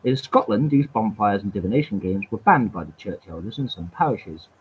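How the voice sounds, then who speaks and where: A man's voice: lowish voice, expressive, brisk, slight background noise. A man reading history aloud from webpages, stumbling and repeating words, with wry casual asides. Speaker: channel host. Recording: tinny phone-like sound.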